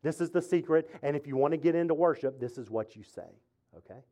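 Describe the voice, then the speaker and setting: A man's voice: fairly high pitch, quick pace, dark tone. A male pastor delivering a conversational sermon, driving points home through repetition and building to fervent exhortation. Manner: conversational preaching, emphatic repetition, rising to exhortation.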